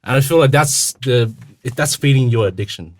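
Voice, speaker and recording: A young man co-hosting a podcast, chatting casually, animated and slangy, swearing freely. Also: mid-range voice, brisk. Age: young adult. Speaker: podcast co-host. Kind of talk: casual chat.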